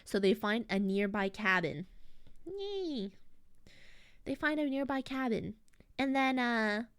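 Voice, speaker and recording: A woman streaming as a VTuber, recapping a story to her chat in a rambling, animated way, full of fillers and internet slang. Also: fairly high pitch, normal speed, smooth, no echo, studio quality.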